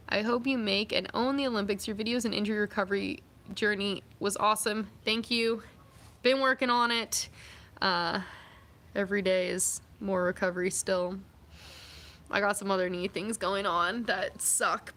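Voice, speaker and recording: A woman's voice: mid-range voice, normal speed, long pauses, bright, forceful tone, slight background noise. A young woman vlogging, chatting casually and reading out viewer comments, upbeat and full of fillers. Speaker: vlogger and athlete.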